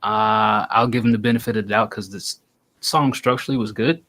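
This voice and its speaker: A man's voice: fairly low pitch, fairly even intonation, a little fast, fairly bright tone. A man co-hosting a music review show, giving blunt casual feedback with lots of fillers.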